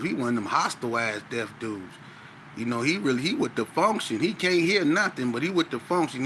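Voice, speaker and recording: Animated man telling a story, bright voice. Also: medium pitch, slight background noise. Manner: animated, with frequent "you know what I'm saying". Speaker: podcast guest. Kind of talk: casual storytelling.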